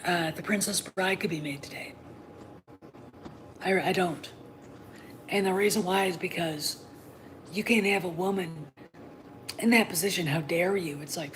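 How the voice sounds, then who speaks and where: A woman host talking alone in an animated, opinionated way, swearing freely and using many fillers. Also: fairly low pitch, slight background noise, low-quality recording. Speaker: podcast host. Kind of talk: opinionated solo talk.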